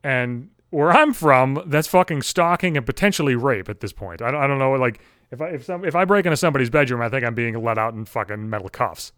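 A man's voice: mid-range voice, expressive, a little fast, few pauses, fairly bright tone, no echo, clean studio sound. A young man ranting crudely and with exasperation on his podcast, swearing constantly. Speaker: podcast host. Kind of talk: profane comedic rant.

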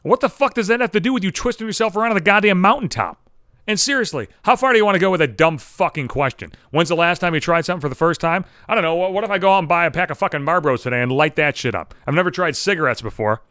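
A man's voice: high-pitched, lively intonation, racing, sharp tone, dry recording, studio quality. A man hosting a podcast, delivering a sarcastic, heavily profane comedic rant. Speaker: podcast host.

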